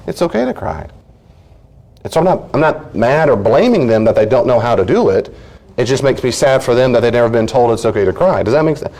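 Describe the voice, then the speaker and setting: A man's voice: medium pitch, warm tone. A middle-aged man, a counselor teaching a study group, talking earnestly and acting out everyday conversations.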